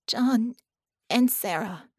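A woman's voice: fairly high pitch, takes it slowly, slightly rough, no echo, clean studio sound, pitched above the performer's own voice. A woman voicing a young female commander in an audiobook, speaking in clipped, terse lines while holding back grief. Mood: stricken. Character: young woman commander, grieving but steely.

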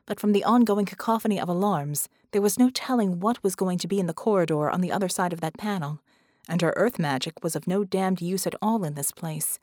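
A woman narrating an audiobook in a measured, steady reading voice. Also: lowish voice, no room sound, studio quality. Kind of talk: scripted narration.

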